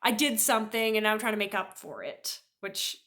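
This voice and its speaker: A woman giving a casual teaching talk on behavior, chatty and full of little "right?" asides, telling stories in a lively way. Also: mid-range voice, a little fast. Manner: lively storyteller who acts out quoted voices. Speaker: behavior educator.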